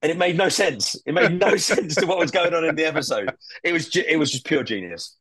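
A man's voice: a little high, lively intonation, a little fast, a bit bright, breathy edge, no room sound. A man on a casual podcast chat, talking enthusiastically and swearing often while he stumbles through fillers and restarts. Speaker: podcast guest.

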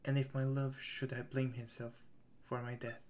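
A man voicing a sorrowful elderly man who speaks quietly and hesitantly. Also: mid-range voice, flat delivery, normal speed, lightly acted. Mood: remorseful. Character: Bodley, sorrowful elderly male sea-bar keeper.

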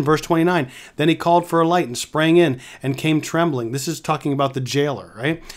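Earnest man teaching the Bible. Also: a little high. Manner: reads verses aloud, then explains them emphatically; conversational, with frequent restarts and tag questions. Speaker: host of a Bible teaching channel. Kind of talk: informal Bible teaching video.

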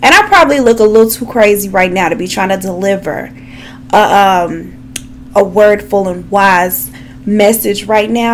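Woman, gravelly voice, casual storytime, faint room ambience. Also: mid-range voice, unhurried, a little hiss or hum. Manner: chatty, animated, asides to viewers. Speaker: true crime makeup vlogger.

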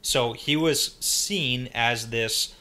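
A man co-hosts a book podcast, laying out story background in a steady, explanatory way and agreeing often with his partner. His voice is bright and of ordinary pitch. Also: very slow. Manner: explanatory, even-toned, frequent agreeing "yeah". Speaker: podcast co-host. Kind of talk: casual book discussion.

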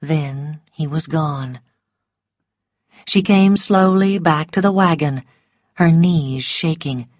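A woman narrating a story for English learners in a slow, careful, clearly paced reading. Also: low voice, a little mellow, dry recording, studio quality.

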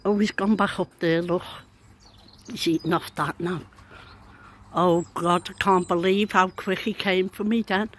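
Woman, middle-aged, excited chatty vlog, outdoors in a garden, phone mic. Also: lowish voice, a little slow, long pauses. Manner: excited, chatty, calls to a bird. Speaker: vlogger. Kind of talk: casual home vlog.

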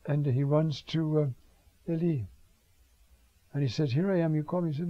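A man's voice: a little high, moderate pace, no echo. An older man, a priest, giving a conversational homily on scripture, often saying "you see" and quoting Hebrew words. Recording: dull lo-fi recording.

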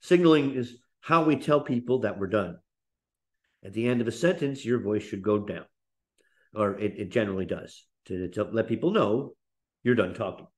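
A man teaching a webinar lesson on speaking, explaining slowly with frequent fillers and restarts. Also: lowish voice, darkish tone. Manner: demonstrates example phrases in a lifted, playful voice.

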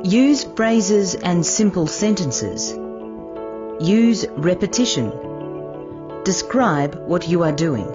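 Calm woman voice-over for an instructional video, low and warm, a little lo-fi. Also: over music. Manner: calm, measured, explanatory. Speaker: narrator. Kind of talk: scripted instructional narration.

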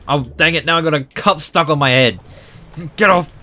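A young man hosting a gaming channel, giving jokey, excitable commentary that bursts into loud yelps. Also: a little high, moderate pace. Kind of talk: gameplay commentary.

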